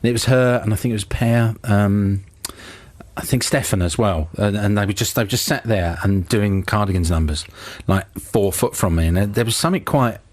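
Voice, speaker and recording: A man's voice: on the low side, moderate pace, dry recording. A man hosting a casual radio interview, rambling with restarts and chuckles. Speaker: radio host. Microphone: studio microphone.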